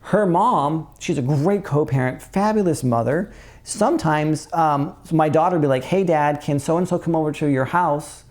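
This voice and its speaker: A man's voice: a little high, a little mellow. A middle-aged man hosting a podcast, chatting casually and telling stories, acting out the voices of the people he quotes. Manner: fast storytelling, acts out quoted voices. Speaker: podcast host. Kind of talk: casual chat.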